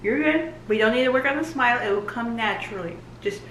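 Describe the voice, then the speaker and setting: A woman giving a live reaction commentary, gushing and excitable as she talks back to the screen. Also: a little high, quick pace. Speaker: book and TV reviewer. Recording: roomy echo, faint hiss.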